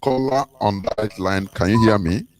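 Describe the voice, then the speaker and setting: A radio host with a somewhat low voice calls up callers with short, calm prompts. Faint noise runs underneath his voice. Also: moderate pace. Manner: brief, calm call handling. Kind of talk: moderating a call-in show.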